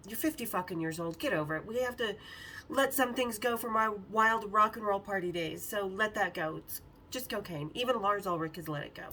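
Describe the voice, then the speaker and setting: Frank, bright-voiced woman telling stories. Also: on the low side, recorded from a distance, slight background noise. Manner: frank, profane, laughs often. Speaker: podcast host. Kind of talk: candid storytelling.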